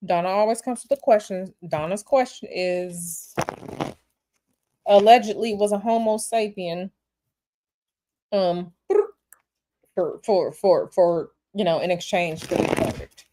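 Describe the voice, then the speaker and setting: Blunt, animated woman tarot reader. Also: mid-range voice, unhurried, long pauses, slight background noise. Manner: blunt, animated, repeats herself. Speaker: tarot reader answering viewer questions. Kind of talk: casual livestream chat.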